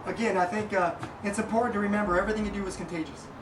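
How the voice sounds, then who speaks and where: A man giving a casual motivational monologue as a podcast host, rambling and halting with many fillers. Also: high-pitched, fairly even intonation. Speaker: podcast host and small business owner. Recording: echoey room, distant mic, faint noise.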